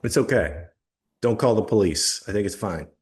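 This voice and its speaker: A man co-hosting a podcast with a fairly low voice. He talks in an easygoing, relaxed way during casual banter. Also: normal speed. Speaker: podcast co-host. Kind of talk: casual chat.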